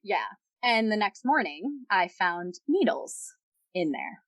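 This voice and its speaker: A woman's voice: mid-range voice, sing-song, takes it slowly, a bit bright, dry recording. A young woman guest on a podcast, candidly retelling a personal story with lots of quoted dialogue.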